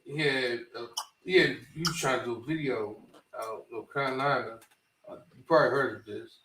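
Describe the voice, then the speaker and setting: Co-host, man, mid-pitched voice, laid-back slangy talk, off-mic and echoey. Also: moderate pace, far from the mic, background noise. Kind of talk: casual chat. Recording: roomy echo, off-mic.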